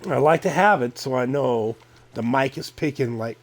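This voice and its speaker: A middle-aged man streaming a video game, rambling casually and thinking out loud as he plays. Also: medium pitch, moderate pace. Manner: rambling, relaxed, thinking aloud with fillers. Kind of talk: casual gameplay chatter.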